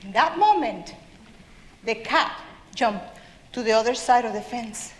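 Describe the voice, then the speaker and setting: A woman with a South American accent speaks to an audience with an animated, expressive storyteller's delivery. Her voice sits high. It echoes through a roomy hall with faint ambience behind it. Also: measured pace, slight background noise. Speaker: children's author and speaker. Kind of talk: storytelling talk with audience sing-along. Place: stage at a public event.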